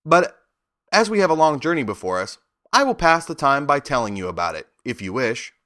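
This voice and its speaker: Man doing a measured winged monkey king. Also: mid-range voice, very animated, sharp tone, no room sound, clean studio sound, voice pushed up. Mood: courteous.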